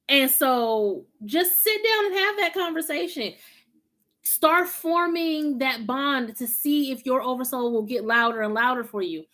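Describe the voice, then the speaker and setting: Her voice sits high and sounds pushed and bright. She's from Los Angeles but speaks with a Southern country drawl, chatting informally and slangily with viewers on a spiritual live stream and laughing a lot.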